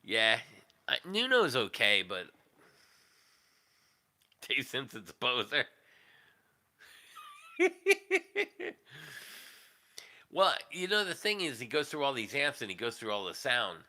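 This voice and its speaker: A man chatting on his livestream in a loose, rambling way, swearing freely as he jumps between thoughts. His pitch swings widely from sentence to sentence, and his voice has a very bright, sharp edge. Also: moderate pace, pauses often. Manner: rambling, profane, animated. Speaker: livestream host. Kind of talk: casual livestream chat.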